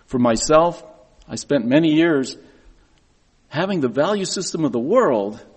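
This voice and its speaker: A man's voice: on the high side, animated, measured pace, slightly rough. A middle-aged man giving a sermon, telling personal stories in an earnest way and often repeating words as he goes. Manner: earnest storytelling with frequent word repeats.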